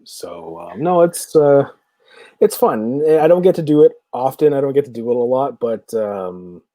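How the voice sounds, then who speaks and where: A man's voice: medium pitch, expressive, normal speed, mellow, no room sound. A man in his thirties, a comic book creator, chatting casually as a guest with many fillers and easy laughs. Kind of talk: casual interview chat.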